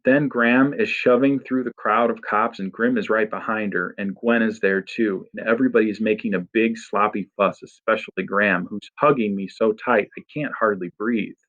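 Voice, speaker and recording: A man reading a first-person story aloud in a steady, expressive narration. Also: lowish voice, moderate pace, hardly any pauses, highs cut off. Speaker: audiobook narrator.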